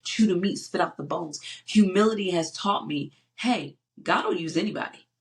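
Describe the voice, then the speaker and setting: A woman hosting her own show, telling a personal faith story with lively storytelling and sudden high exclamations. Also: moderate pace, creaky. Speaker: podcast host.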